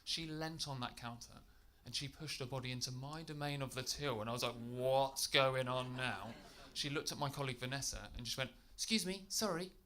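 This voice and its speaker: British stand-up spinning a ranting story. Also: male voice, medium pitch, steady tone, quick pace, few pauses. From Britain. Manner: chatty storytelling, tag questions, sudden shouted rants. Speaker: stand-up comedian. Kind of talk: stand-up comedy set. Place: comedy club stage with laughing audience.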